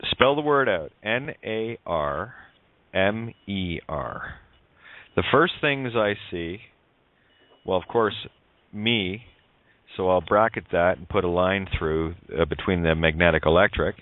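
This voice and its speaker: Low-voiced rambling radio host. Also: measured pace, no echo. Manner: rambling, wordplay-driven explanations. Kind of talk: call-in radio talk. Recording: dry tinny phone-like line.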